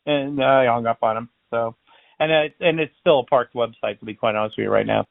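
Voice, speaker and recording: A fairly quick, mid-range voice with some vocal fry belongs to a balloon artist and magician based in Florida. He tells stories in a casual interview, chatting animatedly and acting out the dialogue. The recording is dry but sounds like a tinny phone line.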